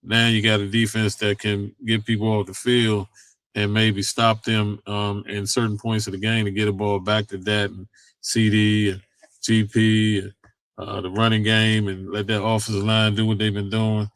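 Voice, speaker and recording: A man with a low, fairly flat voice talks football in a loose, rambling way, full of ums and uhs and everyday slang. The sound is dry and close, with no room around it. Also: moderate pace, no room sound. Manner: loose and conversational, many fillers, Southern US vernacular. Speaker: sports podcast host. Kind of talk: casual sports talk.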